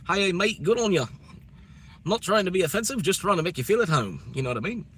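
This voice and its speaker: A man's voice: sits high, animated, rapid-fire, breathy edge, distant mic, pitched above the performer's own voice. A man putting on an exaggerated, cheery mock British accent as a joke while live streaming. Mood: teasing. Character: joking mock British man, chirpy and high.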